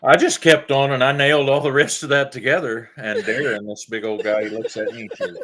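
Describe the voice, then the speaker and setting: A man telling a slow, halting story in casual chat. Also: medium pitch, lively intonation, sharp tone, slight background noise.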